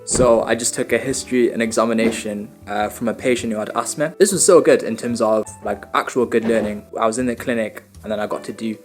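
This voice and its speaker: A man's voice: lowish voice, fast, few pauses, faint music behind. A young man, a medical student, casually vlogging to camera and explaining his day with easy restarts. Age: young adult.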